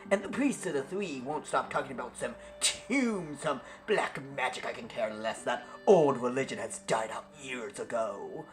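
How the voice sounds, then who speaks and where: A man's voice: mid-range voice, expressive, normal speed, hardly any pauses, natural voice. A man voicing a lazy, scornful male town guard who taunts the hero, with game music behind. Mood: mocking. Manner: sneering, taunting.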